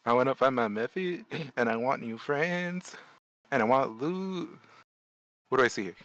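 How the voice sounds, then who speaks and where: A man's voice: medium pitch, expressive, normal speed, fairly bright tone, no echo, highs cut off. A man playing a tabletop game, declaring his character's actions in a playful, casual way. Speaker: player.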